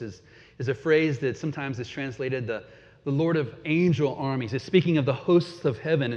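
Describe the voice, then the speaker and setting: A man preaching a sermon, dramatic, swinging from loud emphasis to a hush. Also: a little high. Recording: dull, long hall reverb.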